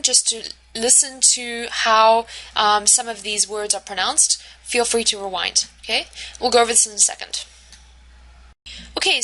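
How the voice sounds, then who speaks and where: A woman's voice: a little high, bright, forceful tone, poor audio. A woman teacher giving a recorded lecture over slides, explaining step by step with frequent fillers and checks like "right?".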